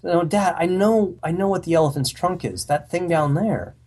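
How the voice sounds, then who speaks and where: Guy doing a pushy little kid voice, higher than his own, keeps pestering. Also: normal speed, a little mellow. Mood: insistent. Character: curious insistent young boy.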